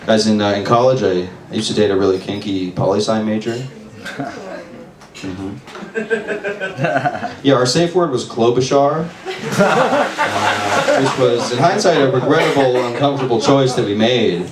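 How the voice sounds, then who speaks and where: A man's voice: medium pitch, animated, moderate pace, pauses often. A man in his twenties doing a stand-up set at an open mic, crude and self-deprecating in a sardonic way. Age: 20s. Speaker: stand-up comedian. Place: open mic in a bar room with audience. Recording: echoey room, distant mic, crowd laughter. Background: audience laughing.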